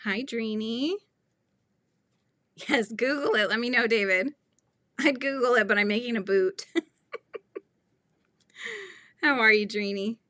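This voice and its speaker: A woman's voice: fairly high pitch, a little slow, long pauses, pushed and bright, no room sound. A woman in her thirties hosting a crochet tutorial stream, chatting casually and laughing often as she reads viewer comments. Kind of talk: casual livestream chat while crocheting.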